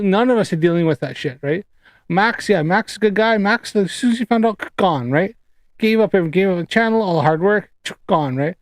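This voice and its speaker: With a high-pitched voice and no echo, this prairie Canadian streamer rants and chats casually on his livestream while taking apart flat earth claims. He comes across as profane, exasperated and rambling.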